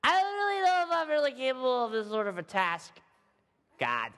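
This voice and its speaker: A man's voice: very high voice, wildly swooping pitch, brisk, a bit bright, pitched above the performer's own voice, exaggerated voice. A man voicing a timid, hesitant young man who stammers and repeats himself as he pleads. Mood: pleading. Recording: echoey hall.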